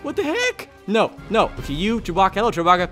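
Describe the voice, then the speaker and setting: A gaming channel host, an excitable young man, commentates on his gameplay at a quick pace, his slightly high voice swinging lively up and down. He chats with the other players and breaks into shouts while faint music plays in the background.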